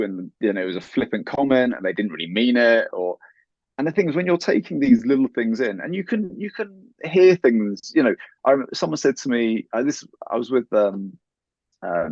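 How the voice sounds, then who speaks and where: A man's voice: on the low side, darkish tone, no room sound. A man talking as a guest in an interview, earnest and giving advice. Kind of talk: conversational interview. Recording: dull, lo-fi, dry sound.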